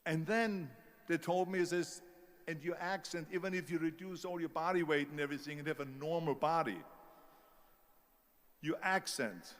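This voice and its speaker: A man's voice: on the high side, steady tone, normal speed, long reverb tail. Older man with an Austrian German accent, punchy. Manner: storytelling, punchy and emphatic, mimics the doubters. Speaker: motivational speaker. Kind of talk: motivational speech.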